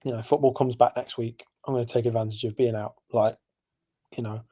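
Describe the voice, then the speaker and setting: A man's voice: mid-range voice, fairly even intonation, fairly quick, dark tone. A young man from England, co-hosting a podcast, telling a long story in casual chat with lots of ums and asides. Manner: rambling storyteller, many fillers. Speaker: podcast co-host.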